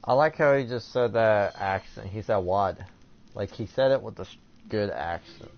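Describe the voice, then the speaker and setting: A man's voice: on the low side, normal speed, gravelly. A teenage boy casually commentating his gameplay, rambling with lots of fillers and reading game text aloud. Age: teens. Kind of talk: casual let's-play commentary. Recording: dull lo-fi mic with faint noise.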